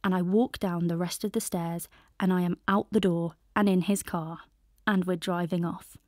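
A woman narrating a first-person audiobook in a soft, intimate voice that often drops to a whisper. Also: on the low side, steady tone, normal speed, dry recording, studio quality.

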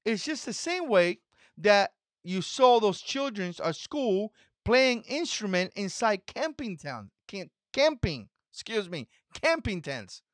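A man's voice: high voice, very animated, slow pace, fairly bright tone, dry recording, clean studio sound. A man whose first language is not English, hosting an opinion commentary vlog in an emphatic, mocking way that repeats its points. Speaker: channel host.

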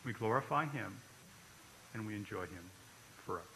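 Lively, forceful man preaching a sermon. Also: fairly low pitch, normal speed, vocal fry, slight background noise, rough recording. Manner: emphatic preaching, checks in with listeners by asking "okay?". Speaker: pastor.

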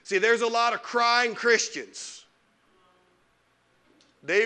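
A middle-aged male pastor preaching to his church with a very high, bright, forceful voice. He swings between loud, animated stretches and quiet asides, mocking the whining of complainers. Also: takes it slowly, long pauses, smooth. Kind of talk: sermon. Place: church sanctuary.

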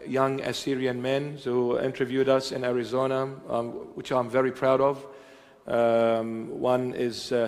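A man preaching and answering questions before a congregation, halting with many fillers and joking now and then. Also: mid-range voice, darkish tone. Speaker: church bishop preaching. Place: church hall with congregation. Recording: long reverb of a large hall.

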